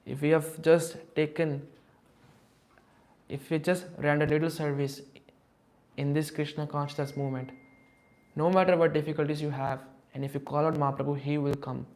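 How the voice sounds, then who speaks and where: A man with a somewhat high voice gives a scripture class. He tells the stories lively and acts out each character as he goes. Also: moderate pace, pauses often. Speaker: class speaker.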